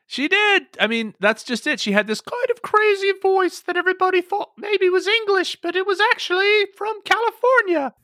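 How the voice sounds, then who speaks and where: A man putting on a high, fluting, swooping impression of an older woman TV cook. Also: lively intonation, moderate pace, few pauses, bright, forceful tone, no room sound, studio quality, heavily acted. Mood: hamming. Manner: exaggerated swooping delivery.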